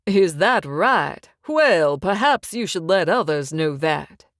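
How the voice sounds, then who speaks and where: A woman voicing a thin, menacing male crime boss who speaks in a slow, genteel Southern drawl. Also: on the low side, animated, no room sound, studio quality. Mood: silky menacing.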